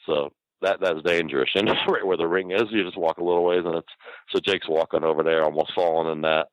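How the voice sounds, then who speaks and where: An older man with a very low voice tells a long, profane story in a loose, rambling way. He laughs through his own lines. The recording is dry and close. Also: steady tone, brisk, no echo, dull audio. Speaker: guest. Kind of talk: casual anecdote telling.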